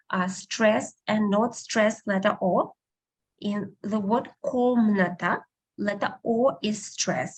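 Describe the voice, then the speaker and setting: Slow, husky woman teaching a class. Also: medium pitch. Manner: patient, repeats words slowly and clearly. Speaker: language teacher. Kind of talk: online beginner language lesson.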